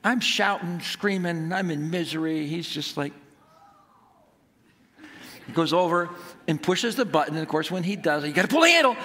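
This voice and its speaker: A man preaching a sermon, telling a family story in an animated way before turning to scripture. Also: fairly high pitch, unhurried, long pauses. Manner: animated storytelling, acts out his own shouts. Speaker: pastor. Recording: long hall reverb.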